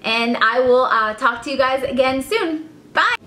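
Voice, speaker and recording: A woman's voice: high voice, moderate pace, sharp tone, a little hiss or hum. Upbeat woman reviewing lipsticks, roomy echo. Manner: chatty and enthusiastic. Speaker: beauty vlogger. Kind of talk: casual product review. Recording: echoey room.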